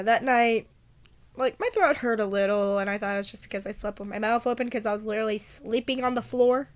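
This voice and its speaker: Woman, raspy and congested, slightly high, chatty rambling vlog talk. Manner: rambling, stumbles over words. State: congested, hoarse from a sore throat. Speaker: video creator.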